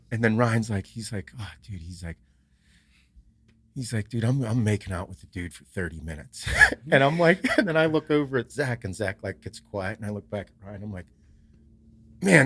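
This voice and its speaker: A man hosting a podcast, telling a story in casual chat, swearing freely, laughing often and dropping to a hush for parts of the story. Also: on the low side, lively intonation, normal speed, no room sound. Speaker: podcast host.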